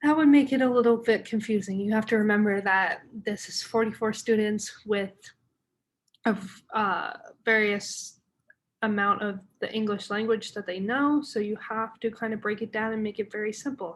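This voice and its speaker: A young woman in her twenties from the United States talks through her classroom photos in a relaxed vlog. Her voice sits at a middle pitch, and she fills her speech with "um" and "like," laughing lightly as she goes. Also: normal speed. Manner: chatty, many fillers, laughs often. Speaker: English teacher. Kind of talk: casual vlog narration.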